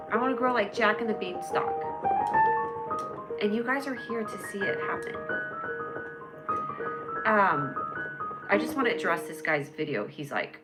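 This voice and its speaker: Woman, livestream host, mid-pitched, bubbly and rambling, answers viewers in chat, loud music underneath.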